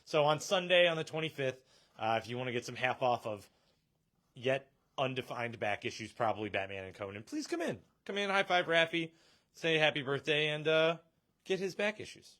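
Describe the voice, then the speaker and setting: A man's voice: medium pitch, fairly quick, sharp tone. Guy running a comic shop live stream, chatty, jokey, laughs a lot. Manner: chatty, joking, laughs often. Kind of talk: casual live-stream chat.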